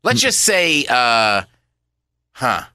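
A man's voice: medium pitch, wildly swooping pitch, very slow, sharp tone, no room sound, clean studio sound. A man co-hosting a podcast, chiming in with easygoing, teasing remarks. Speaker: podcast co-host. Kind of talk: casual studio chat. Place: radio station studio.

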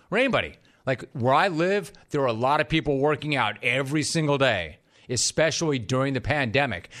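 A man hosting a sports talk show, delivering an energetic, sarcastic monologue with jokey asides in a studio. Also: medium pitch.

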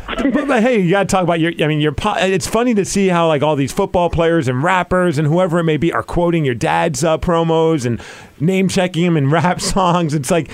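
A man of forty hosting a casual interview, an excitable and eager fan. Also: fairly high pitch, fairly quick. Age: 40s. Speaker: podcast host.

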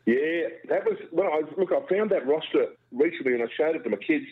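A man's voice: fairly high pitch, expressive, brisk, slightly rough. A middle-aged Australian man, a guest broadcaster, telling jokey, self-deprecating stories in casual radio chat. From Brisbane, Australia. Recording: tinny phone line.

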